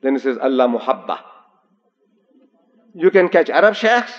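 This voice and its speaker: An older man giving a public lecture as an animated storyteller, slowing down for emphasis and reciting Arabic phrases. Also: high voice. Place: large hotel lecture hall. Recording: dull, echoey 1980s lecture hall recording.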